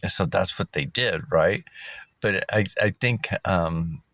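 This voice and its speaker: A man's voice: low voice, takes it slowly, a bit bright, dry recording. A man vlogging from a park, talking in a loose, rambling way with fillers and chuckles. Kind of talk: casual rambling vlog. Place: outdoors at a park.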